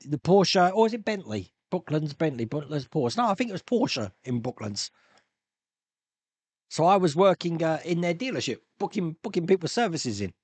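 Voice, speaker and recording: A man's voice: fairly high pitch, big pitch swings, moderate pace, breathy edge, no echo. A man hosting a live stream, chatting casually and rambling through viewer comments with frequent laughs and restarts.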